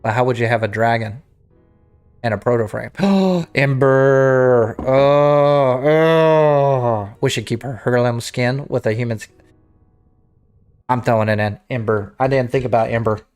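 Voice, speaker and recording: Speaking at an unhurried pace, this man has a medium-pitched, darkish, clean voice, with soft music playing in the background. He's streaming a game and chatting casually with viewers, thinking out loud and restarting his sentences.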